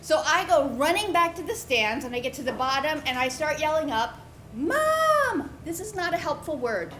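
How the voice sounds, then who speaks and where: A woman telling an improvised true story on a pub stage, animated and acting out the voices of the people in it. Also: high voice, brisk, a little hiss or hum. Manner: animated, acts out quoted voices. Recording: echoey live room.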